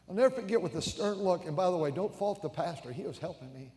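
Older american preacher telling a story, stammers a bit, big echoey church. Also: male voice, high-pitched, lively intonation, fast, hardly any pauses, dark tone. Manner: storytelling, stammering repeats, acts out quoted voices. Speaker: pastor. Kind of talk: sermon. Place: large church sanctuary. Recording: echoey church hall reverb.

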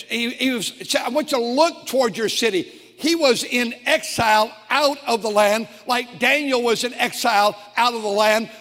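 A man preaching a fiery sermon, reading scripture slowly and swinging from quiet, low lines to shouted peaks. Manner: reads scripture slowly, drawing out words. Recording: long hall reverb.

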